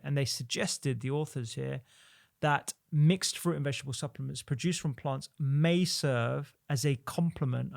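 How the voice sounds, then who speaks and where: Gravelly man reviewing studies. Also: medium pitch. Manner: measured, stumbles over repeated words. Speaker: doctor and podcast host. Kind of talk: solo explainer reviewing research.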